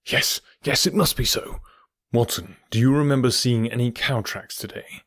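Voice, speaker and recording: A man voicing a keen, commanding detective in an audiobook, eager and probing, sometimes dropping to a low murmur. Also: normal speed, a bit bright, dry recording, clean studio sound. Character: keen, commanding middle-aged male detective. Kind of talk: audiobook character voice.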